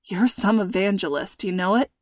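A calm, worried dad who keeps his voice low and hushed, put on by a woman reading aloud. The sound is close and dry, as in a storybook reading. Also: moderate pace, dry recording, close to an everyday voice. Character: calm worried middle-aged father.

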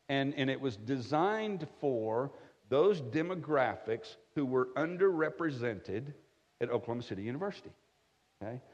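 A middle-aged man preaching a conversational sermon with folksy jokes, often checking in with his listeners by asking "right?". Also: medium pitch. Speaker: pastor. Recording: echoey hall, slightly dull sound.

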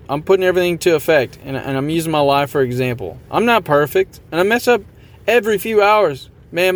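Rambling motivational podcast man. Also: fairly high pitch. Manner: rambling, self-deprecating, repeats catchphrases. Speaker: podcast host. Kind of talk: casual motivational monologue.

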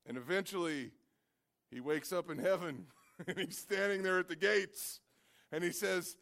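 A man preaching a sermon, telling stories and acting out their characters with loud, high-pitched cries, often repeating and restarting his words. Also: a little slow, creaky.

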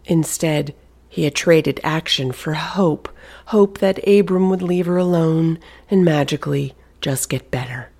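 Audiobook narrator, gravelly, husky, hushed, often whispering. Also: mid-range voice, a little slow.

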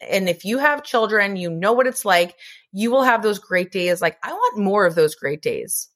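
On a podcast she co-hosts, this woman talks sincerely about being a mother, with the occasional offhand curse word. She sounds animated and a bit bright, speaking at normal speed with a medium pitch.

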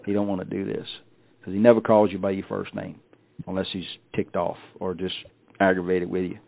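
Deep gravelly guy telling a story, kinda flat, repeats himself a lot, thin tinny phone sound. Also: no room sound. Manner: folksy, repeats words, halting restarts. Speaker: podcast guest. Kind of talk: personal storytelling.

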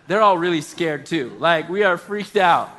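Male comic storyteller, high bright voice, animated and self-mocking. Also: a little hiss or hum. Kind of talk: comedic personal storytelling.

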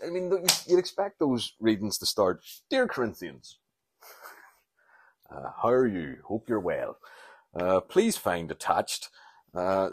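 A man's voice: sits low, no echo. A Northern Irish man in his thirties hosting a rambling solo podcast, telling irreverent, sweary stories and acting out quotes. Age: 30s. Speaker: podcast host.

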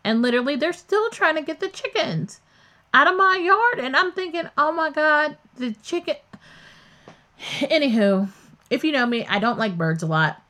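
Animated, candid woman telling a story. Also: high-pitched, moderate pace. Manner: candid, chatty and digressive. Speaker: podcast host. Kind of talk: casual storytelling.

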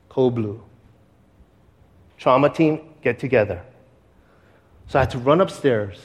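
A man speaks as a pastor, sharing a personal story in a sermon. His delivery is earnest and conversational, full of fillers and restarts, and he grows quiet and slow at the heavy moments. His voice sits at a middling pitch.

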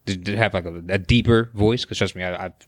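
Podcast dude, kinda low voice, dry close sound, tells stories and does the quotes. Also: male voice, steady tone, quick pace, no room sound. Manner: storytelling, acts out quotes, laid-back. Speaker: podcast co-host. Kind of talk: casual banter.

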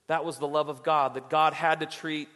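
A male pastor preaches with a high voice, building to passionate emphasis and then dropping quiet and low. The sound rings with the long reverb of a church hall. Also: flat delivery, normal speed. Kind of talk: sermon.

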